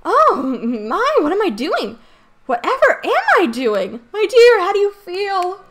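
A woman's voice: sits high, expressive, normal speed, a bit bright. A woman doing a fussy townswoman wife. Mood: flustered.

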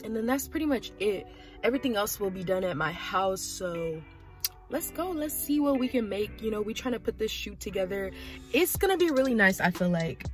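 A woman in her twenties talking to camera in a casual vlog, telling stories in an animated, slangy, emphatic way. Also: medium pitch, fairly quick, soft background music. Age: 20s. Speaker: vlogger.

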